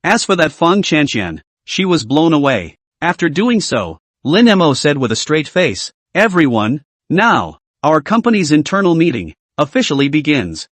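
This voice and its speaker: A man narrates a story recap in a somewhat high, lively voice that rises and falls a lot. He reads every character's lines in his own narrating tone. The sound is dry and close. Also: moderate pace, dry recording. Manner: reads all dialogue in the same narrating voice.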